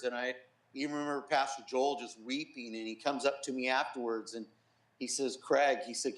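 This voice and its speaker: A middle-aged man, a pastor, giving an earnest personal testimony in an interview, softly quoting others as he tells it. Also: medium pitch, echoey room, poor audio. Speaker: pastor and guest.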